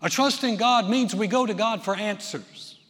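A middle-aged man preaching a sermon in a folksy, conversational way, telling stories with lively emphasis. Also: high voice, moderate pace, long reverb tail. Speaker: pastor.

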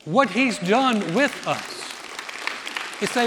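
A man's voice: high-pitched, animated, slow, long pauses, crowd noise, noisy background. A man in his sixties preaching a sermon, emphatic, building through rising lists and telling stories with humorous asides. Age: 60s. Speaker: pastor. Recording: long hall reverb.

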